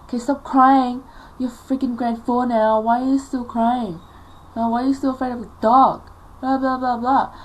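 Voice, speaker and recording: A woman voicing a harsh, threatening mother, snapping angry orders in a raised, higher voice. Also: steady tone, normal speed, lightly acted, rough recording. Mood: angry scolding. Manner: shouting, threatening. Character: harsh scolding adult mother.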